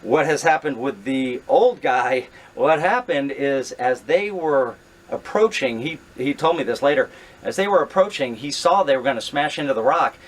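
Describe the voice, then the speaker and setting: A middle-aged man telling a true story to camera, animated and reenacting his own thoughts, with frequent fillers and restarts. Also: mid-range voice, normal speed.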